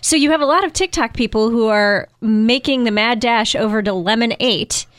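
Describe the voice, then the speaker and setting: A woman's voice: a little high, normal speed, a bit bright, no room sound. Chatty woman co-host, dry close sound. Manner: chatty and upbeat. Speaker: podcast co-host. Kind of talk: casual podcast chat.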